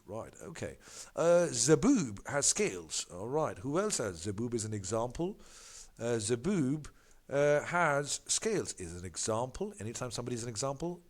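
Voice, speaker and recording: A man working through exam practice questions as a tutor. He talks in an emphatic way, stumbles and corrects himself often, and keeps repeating catchphrases. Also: medium pitch. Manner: animated, emphatic, repeats catchphrases like "big fat no".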